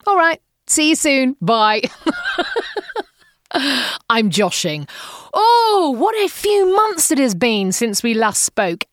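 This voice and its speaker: A woman's voice: a little high, sing-song, slow, no echo, studio quality. A middle-aged English woman from England, telling a playful, self-amused story in a chatty monologue. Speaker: vlogger.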